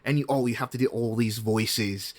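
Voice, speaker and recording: A guest game master chats through a casual podcast interview in a steady, medium-pitched voice. He keeps restarting sentences, wanders into asides, and slips into quick impressions.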